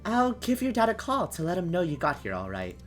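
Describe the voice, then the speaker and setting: A man's voice: high voice, huge pitch swings, brisk, soft background music, voice pushed up. A man voicing a caring but strict mother from a story game, with a lighthearted, playful manner. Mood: kind.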